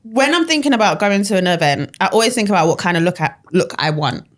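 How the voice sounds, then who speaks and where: A woman's voice: mid-range voice, fast. Young woman, podcast guest, candid, slangy. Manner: candid, animated storytelling with slang. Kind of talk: casual chat.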